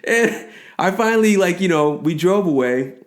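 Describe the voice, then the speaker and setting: A man in his forties co-hosting a podcast, telling a story in casual chat with lively restarts and frequent laughs. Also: sits high, moderate pace. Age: 40s. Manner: animated storyteller, rambling restarts, laughs often. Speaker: podcast co-host.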